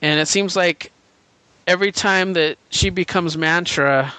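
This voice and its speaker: A man's voice: sits high, unhurried, sharp tone, smooth, no echo. A man co-hosting a casual podcast, retelling comic stories in a rambling, enthusiastic way with many fillers. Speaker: podcast co-host. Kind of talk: casual comic book chat.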